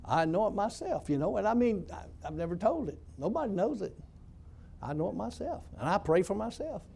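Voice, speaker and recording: A man telling his testimony in a folksy, emphatic way. His voice sits high for a man and swings up and down a lot as he tells the story, in the manner of a former prison preacher. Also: big pitch swings, brisk, creaky, warm tone, a little hiss or hum. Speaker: former prison pastor, guest.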